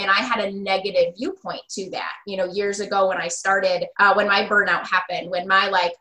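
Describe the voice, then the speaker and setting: Bright, animated woman podcast host. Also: medium pitch, normal speed, hardly any pauses, reverberant, low-quality recording. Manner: animated, reflective, laughs while talking. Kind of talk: casual interview chat.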